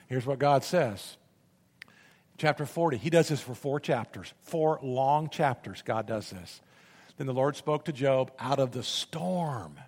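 A man preaching a sermon as a pastor, speaking dramatically and rising to loud bursts when he reads scripture. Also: mid-range voice, expressive, normal speed, in a large hall.

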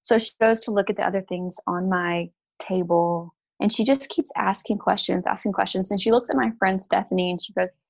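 A woman guest telling a candid story from her working life in an easygoing conversational way. Her delivery is animated, and she slips into livelier voices when quoting others. Her speech is sprinkled with "like" and "you know". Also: mid-range voice, brisk, vocal fry, hardly any pauses. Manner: animated, acts out quoted people with raised voice; frequent "like" and "you know" fillers.

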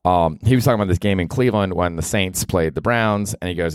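A man's voice: low voice, quick pace, clear, resonant tone, no room sound, studio quality. A man in his forties hosting a podcast, chatting casually in a profane, rambling way and laughing often. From US South. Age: 40s. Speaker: podcast host. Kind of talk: casual solo podcast chat.

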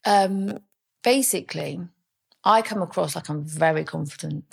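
Low, husky, and a touch slow, this young mother's voice carries vocal fry as she chats openly on a podcast. As the interview guest she tells stories frankly, leaning heavily on filler words.

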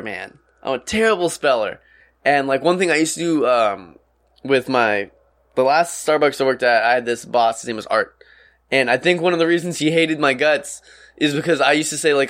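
A man's voice: mid-range voice, a bit bright. A young man who works as a barista, talking casually in a loose, rambling monologue full of fillers and swearing.

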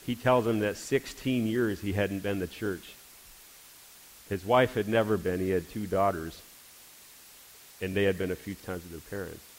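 A man's voice: deep voice, fairly even intonation, normal speed, pauses often, a little hiss or hum, low-quality recording. A man giving a church testimony, telling a story and acting out the dialogue. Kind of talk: testimony sermon.

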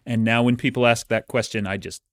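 A man co-hosting a podcast as an author, telling stories in an animated way and laughing easily. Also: mid-range voice, fairly quick, dry recording, clean studio sound. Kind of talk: casual chat.

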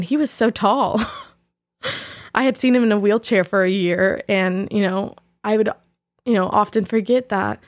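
Young woman, podcast host, reflective storytelling, candid, medium pitch, dry close sound. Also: dry recording. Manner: reflective, candid, laughs softly between thoughts. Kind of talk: personal storytelling.

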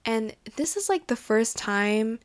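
A woman's voice: a little high, animated, takes it slowly, dry recording. A young woman hosting a casual show, gushing and rambling emotionally with many restarts. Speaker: podcast host. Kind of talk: casual chat.

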